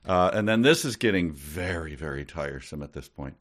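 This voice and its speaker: A man's voice: low-pitched, brisk. A man co-hosting a comedy podcast, reading from a book and complaining about its writing with dry, exasperated humor. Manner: exasperated, dry commentary with laughs. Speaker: podcast co-host.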